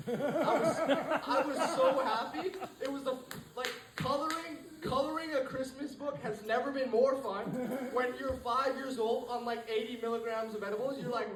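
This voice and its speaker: High-voiced teenage male stand-up comic. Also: moderate pace, a bit bright. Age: teens. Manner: rambling, full of fillers and restarts. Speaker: stand-up comedian. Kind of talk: stand-up set. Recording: echoey room, mic far off.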